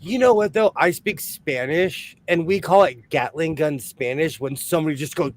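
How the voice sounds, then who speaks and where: Fast-talking chatty man from Los Angeles. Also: fairly high pitch. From San Fernando Valley, Los Angeles. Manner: quick, chatty, laughs often, reads viewer comments aloud. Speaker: co-host of a sewing livestream. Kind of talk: casual livestream chat.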